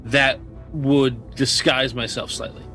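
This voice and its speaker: A man's voice: medium pitch, steady tone, slow, bright, forceful tone, soft background music. A man playing a tabletop game, talking casually and hesitantly, with many ums and restarts. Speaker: player.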